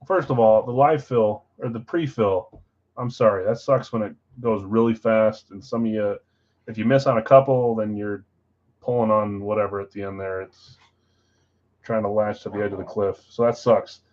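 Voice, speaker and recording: A man's voice: on the low side, steady tone, moderate pace, a little mellow. Guy running a live card break, calling names n teams, chatty, kinda muffled audio.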